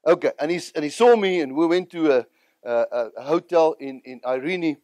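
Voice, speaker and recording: A man's voice: fairly high pitch, normal speed, darkish tone, no echo. A South African man, an evangelist, telling his personal testimony in an earnest, emotional way.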